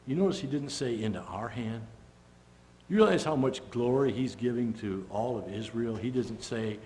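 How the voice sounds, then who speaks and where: A man delivers a sermon in a middle-pitched voice, swinging between loud acted-out quotes and quieter explaining. His voice carries a long reverb tail from a church sanctuary. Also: a little hiss or hum. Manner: animated storytelling, voicing characters, conversational asides. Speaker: pastor.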